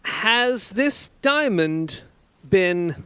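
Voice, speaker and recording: A man's voice: high-pitched, lively intonation, extremely slow, a bit bright, smooth, dry recording. A man playing a tabletop game, thinking aloud hesitantly as he asks questions. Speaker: player. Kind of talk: casual play at a tabletop game.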